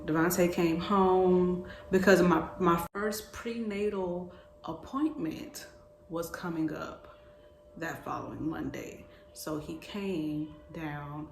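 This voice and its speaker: Woman in her twenties, vlog storyteller, lively slangy delivery, somewhat low voice, echoey room. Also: vocal fry, slight background noise. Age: 20s. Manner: animated, slangy, repeating phrases. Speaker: vlogger. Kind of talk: casual storytelling. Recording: echoey room with faint ambience.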